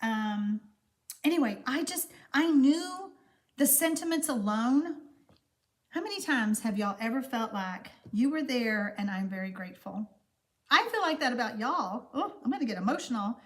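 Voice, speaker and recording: High-voiced Texan woman live-streaming. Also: expressive, a little slow. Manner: warm, gushing, rambling with fillers. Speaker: card-making live stream host. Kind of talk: chatty live stream, reading viewer comments aloud.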